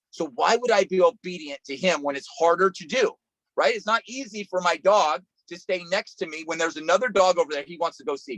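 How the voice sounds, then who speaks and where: A man preaches over a video call in an earnest storytelling manner, circling back and restarting his phrases. His voice sits somewhat high for a man. The sound is close and dry, with no room around it. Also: fairly bright tone, no room sound, poor audio. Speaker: pastor. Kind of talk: sermon.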